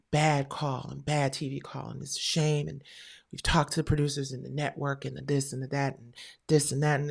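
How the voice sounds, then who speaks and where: Hosting her own show, a middle-aged woman tells viewers a heated personal story, animated and profane, acting out quoted voices. Her voice is low-pitched and creaky.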